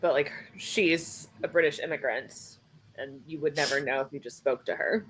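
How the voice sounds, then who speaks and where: A woman's voice: deep voice, moderate pace, a little hiss or hum, poor audio. A woman co-hosting a podcast, making dry, wry remarks in casual chat. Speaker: podcast co-host.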